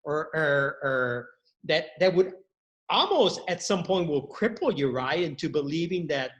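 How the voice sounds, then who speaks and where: A man hosting a podcast, asking questions in a halting way with many restarts and repeated words. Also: fairly high pitch, expressive, a bit bright, muffled recording. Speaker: podcast host. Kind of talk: interview questions.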